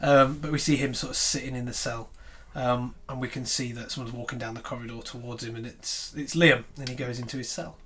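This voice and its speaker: A man's voice: mid-range voice, steady tone, fairly quick, bright, forceful tone. Guy on a podcast, chatty film recap, says yeah a lot, swears casually. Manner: chatty, frequent agreeing and fillers, swears casually. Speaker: podcast co-host.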